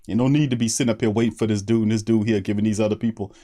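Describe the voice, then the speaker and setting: A man's voice: lowish voice, fairly even intonation, racing, warm tone. A man hosting a sports livestream, greeting viewers by name in loose, slangy chat and laughing often. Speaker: sports podcast host.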